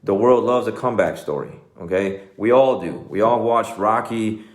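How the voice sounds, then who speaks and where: Middle-aged Texan man, deep voice, earnest coach giving a motivational talk, recorded in a reverberant room. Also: normal speed. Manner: earnest, conversational, says "man" and "okay" often. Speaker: jiu-jitsu coach, show host.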